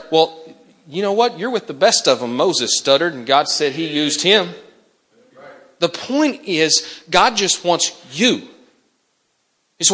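Animated bright-voiced male preacher. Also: sits high, normal speed. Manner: urgent, repeats "listen to me", acts out dialogue. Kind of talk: impassioned sermon.

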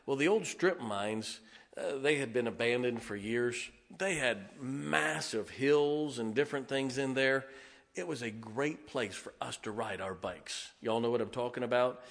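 A man preaching, telling a folksy, animated, self-mocking story from the pulpit. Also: mid-range voice, a little slow, gravelly. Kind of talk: storytelling sermon. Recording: long reverb of a large hall.

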